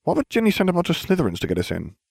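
A man's voice: high-pitched, huge pitch swings, rapid-fire, gravelly, darkish tone, slightly rough, dry recording, clean studio sound, voice pushed up, exaggerated voice. A man reading aloud and voicing a grumbling, suspicious teenage boy with a whiny edge.

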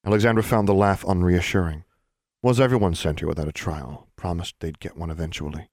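A man reading a story aloud as audiobook narrator, in a steady, measured voice. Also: sits low, no echo, studio quality. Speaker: audiobook reader.

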